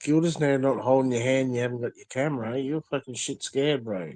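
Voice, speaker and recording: A man's voice: mid-range voice, a little fast, a little mellow, no echo. A man, ranting angrily and profanely as a guest in a casual chat, full of threats. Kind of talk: angry rant in casual chat.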